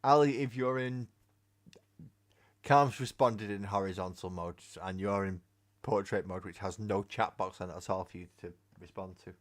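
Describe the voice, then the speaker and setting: Low-voiced man chatting while he paints. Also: fairly even intonation, moderate pace. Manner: rambling, joking, swears freely. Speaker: hobby streamer. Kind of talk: casual live-stream chat while painting miniatures. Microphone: webcam mic.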